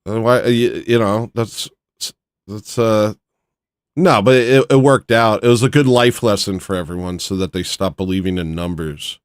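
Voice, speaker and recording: A man hosting a livestream in casual banter, deadpan and mumbling with fillers. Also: lowish voice, normal speed, clear, resonant tone, no echo, clean studio sound. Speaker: livestream host.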